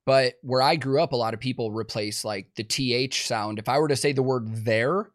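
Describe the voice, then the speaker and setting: A man from Chicago hosting a podcast, chatting in a relaxed way with plenty of fillers. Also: mid-range voice, moderate pace. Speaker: podcast host. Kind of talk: casual podcast chat.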